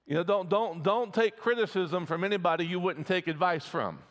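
A man's voice: high voice, brisk, fairly bright tone. A middle-aged man preaching a sermon as pastor, folksy and often checking in with the congregation. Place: church sanctuary. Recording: long reverb of a church hall.

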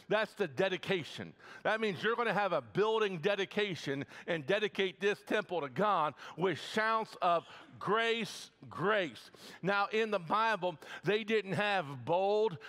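A pastor from the Midwest preaching a sermon in his church, energetic, with frequent stammered restarts. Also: sits high. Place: church sanctuary.

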